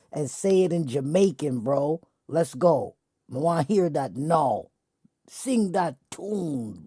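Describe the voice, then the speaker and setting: A man's voice: fairly high pitch, warm tone, no room sound, clean studio sound. A man hosting his show, teasing an AI in a casual, slangy back-and-forth. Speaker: show host. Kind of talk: casual chat with an AI.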